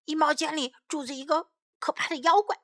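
A woman voicing a sleepless little boy who worries about his missing dog, speaking slowly and pleadingly. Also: sits high, fairly even intonation, bright, forceful tone, no room sound, clean studio sound, voice pushed up. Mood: fretful.

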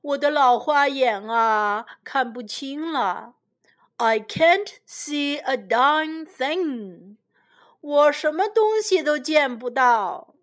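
A woman voicing an old, tired male elephant king in a children's storybook, complaining loudly in a fussy, whiny way. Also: high-pitched, lively intonation, takes it slowly. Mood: grumbling.

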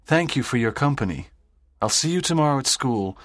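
An actor playing a sad, lonely, strict middle-aged teacher in an audiobook drama, speaking in a grave, measured way. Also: male voice, medium pitch, animated, a bit bright, no echo, natural voice. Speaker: narrator's teacher.

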